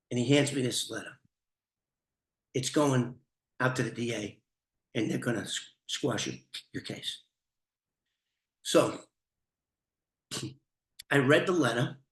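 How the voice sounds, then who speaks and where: A middle-aged man with a New York accent telling an old story, animated and swearing freely. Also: mid-range voice. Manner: animated, swearing, restarts, laughs. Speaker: storyteller, former informant. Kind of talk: casual storytelling to camera. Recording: echoey room.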